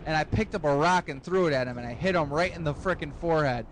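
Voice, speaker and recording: Profane, excitable young man. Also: fairly high pitch, quick pace, a little hiss or hum. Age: young adult. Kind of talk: comic storytelling.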